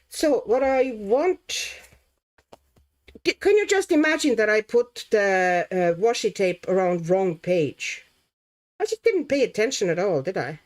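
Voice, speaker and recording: A woman hosting a relaxed livestream, chatting casually as she colours, reading out viewers' names and thinking aloud while she works. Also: mid-range voice. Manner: chatty, laughs often, reads chat names aloud; muses aloud while working. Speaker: livestream host.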